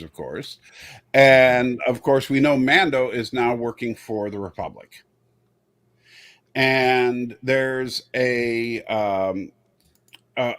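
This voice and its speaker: A man in casual discussion, talking eagerly and thinking aloud with lots of fillers. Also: fairly low pitch.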